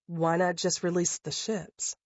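A man voicing a sharp-tongued, exasperated young woman in an audiobook. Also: high voice, level tone, unhurried, no echo, muffled recording, pitched above the performer's own voice. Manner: blunt, sarcastic.

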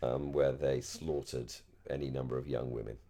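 This podcast co-host, an RP-accented Englishman from the Surrey-Hampshire border, keeps up an eager casual chat full of fillers and restarts. He has a rumbling low, creaky, dark voice, a steady tone and normal speed.

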